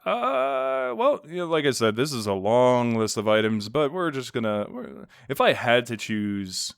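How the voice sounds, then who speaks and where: A man's voice: medium pitch, big pitch swings, unhurried, creaky, few pauses, clear, resonant tone, dry recording, studio quality. A man co-hosting a podcast, chatting playfully in character with a rambling, restarting delivery. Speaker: podcast co-host. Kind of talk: in-character casual chat.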